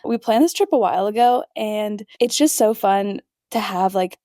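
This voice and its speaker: A woman's voice: mid-range voice, normal speed, mellow, dry recording, clean studio sound. A young woman co-hosting a podcast in casual chat, upbeat and enthusiastic, using fillers as she talks. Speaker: podcast co-host.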